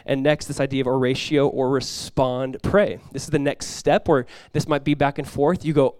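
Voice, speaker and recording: A male pastor preaching in a conversational sermon style, dropping to a hushed voice when acting out prayers. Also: medium pitch, brisk, few pauses, no room sound, clean studio sound.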